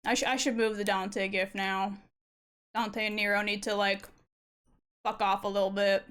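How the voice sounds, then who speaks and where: A woman's voice: medium pitch, flat delivery, moderate pace, fairly bright tone, clear, resonant tone. A woman streaming as she draws, chatting casually with her viewers, reacting to their messages and laughing often. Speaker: art streamer. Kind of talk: casual live-stream chat.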